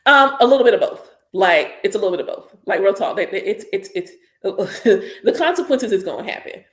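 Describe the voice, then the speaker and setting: Woman, middle pitch, emphatic and animated, live reaction stream, echoey room. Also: brisk. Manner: animated and emphatic, repeats points for stress. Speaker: spiritual teacher reacting live. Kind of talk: live reaction stream, preachy casual talk.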